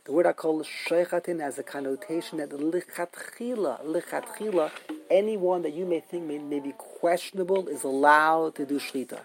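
A man's voice: on the high side, normal speed, a little hiss or hum, rough recording. A man giving a Talmud class lecture, explaining emphatically and repeating himself, mixing Yiddish and Hebrew terms. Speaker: Talmud teacher.

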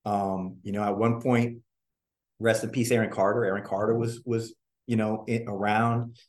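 A man's voice: on the low side, level tone, normal speed. A man in an interview telling casual stories about his music career, rambling with restarts and the odd swear. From Orlando. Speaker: guest, former boy band member.

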